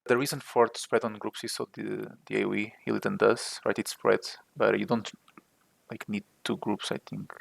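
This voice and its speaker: A man in a game voice chat explaining tactics in halting bursts, repeating words as he goes. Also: on the low side, level tone, creaky, no echo. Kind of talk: casual voice chat strategy talk.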